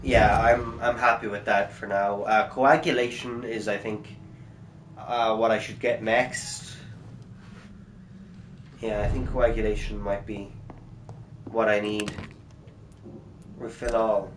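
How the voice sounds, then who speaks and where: A man's voice: on the low side, little pitch movement, slow pace, pauses often. An Irish man streaming a video game live, rambling through his choices with wry, casual remarks and the odd swear. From Ireland. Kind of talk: live gameplay commentary. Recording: echoey room with faint noise.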